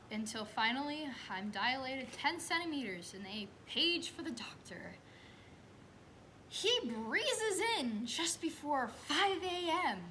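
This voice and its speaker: A woman's voice: on the high side, sharp tone, a little hiss or hum, heavily acted, low-quality recording. A young woman acting a stage monologue as an anxious new mother, telling it expressively and slipping into whispers. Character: anxious new mother recalling giving birth. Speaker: student actress. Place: school theater stage.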